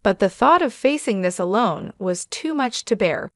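A woman reading a scripted first-person drama as narrator, in a steady, even way. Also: mid-range voice, moderate pace, no echo, clean studio sound.

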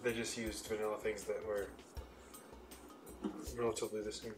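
A man's voice: fairly low pitch, little pitch movement, moderate pace, over music. A man co-hosting a game playthrough in casual, joking banter, laughing often. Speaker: gameplay co-host. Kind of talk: casual let's-play banter. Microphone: desk microphone.

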